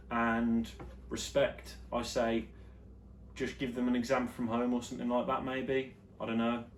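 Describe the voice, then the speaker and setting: A man hosting his own vlog show, chatting casually and jokily about the news, his voice jumping between loud and quiet. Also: medium pitch, slight background noise. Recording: echoey room with faint ambience.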